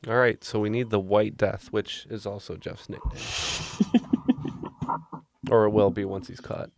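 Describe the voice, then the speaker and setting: Gravelly low-voiced man joking through trivia. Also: fairly even intonation, a little slow, a little hiss or hum. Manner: joking, thinks aloud with fillers. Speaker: trivia contestant. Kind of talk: casual podcast banter.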